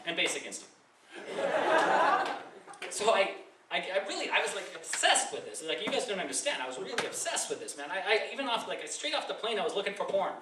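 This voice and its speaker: A man in his thirties from Chile doing live stand-up, rambling casually with lots of "like" fillers and profanity, and he jumps into loud high voices to act out scenes. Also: sing-song, brisk. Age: 30s. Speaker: stand-up comedian. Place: comedy club with a live audience. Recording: echoey club from far off, loud noise.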